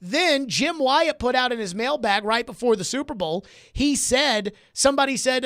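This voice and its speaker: A man's voice: very high-pitched, expressive, moderate pace, few pauses, a bit bright, no echo. A man hosting a sports talk radio show, arguing his point emphatically and repeating key phrases for stress, on a studio microphone.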